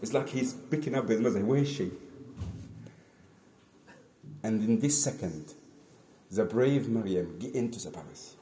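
A man's voice: on the low side, moderate pace, mellow. Man telling a scripture story in an echoey room. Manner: asks the listeners questions, acts out quotes. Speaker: teacher. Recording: echoey room with faint ambience.

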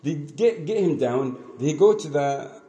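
A man preaching in English, telling a religious story in a conversational, halting way, acting out the dialogue. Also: a little high, animated, warm tone, highs cut off. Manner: conversational, halting, many restarts, acts out dialogue. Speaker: Islamic preacher. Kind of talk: storytelling sermon.

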